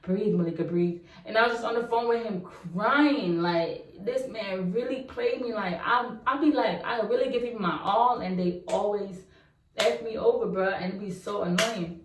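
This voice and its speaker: Animated young woman telling a story. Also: mid-range voice, normal speed, slight background noise. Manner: animated, slangy, talks straight to viewers. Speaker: vlogger telling a personal story. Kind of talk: casual storytime chat. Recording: roomy echo, mic at a distance.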